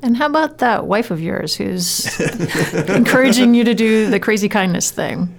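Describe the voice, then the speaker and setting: Woman interviewer with a gravelly creak. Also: mid-range voice, expressive, moderate pace. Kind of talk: interview questions.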